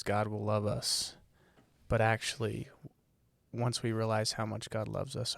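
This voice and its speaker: A man with a gravelly, fry-edged voice shares his struggles candidly on a faith podcast. He is reflective and unguarded. The mic is dry and close. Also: lowish voice, flat delivery, unhurried, dry recording. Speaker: podcast co-host. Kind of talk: casual faith podcast conversation.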